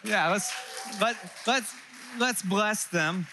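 A middle-aged man from California preaching a sermon to a live congregation, animated and joking, with quick asides to the listeners. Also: high voice, noisy background. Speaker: pastor. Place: church hall before a live congregation.

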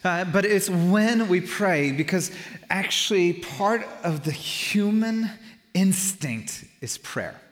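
A man preaching a casual, animated sermon to a live congregation, speaking into a stage mic and joking aside as he goes. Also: sits high, slow pace. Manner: conversational, animated, laughing asides. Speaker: pastor. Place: church hall with a live congregation. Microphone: stage mic through a house sound system. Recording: long hall reverb from a church.

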